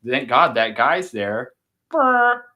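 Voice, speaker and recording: A man's voice: mid-range voice, very animated, takes it slowly, highs cut off. A man in casual chat, hosting and retelling a movie in a rambling, profane way. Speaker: podcast host.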